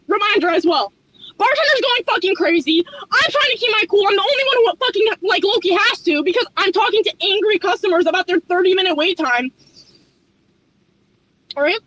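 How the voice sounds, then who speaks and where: A young woman working as a restaurant hostess, ranting fast and profanely in an exasperated storytime vlog. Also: extremely high pitch, expressive, bright, forceful tone, rough recording.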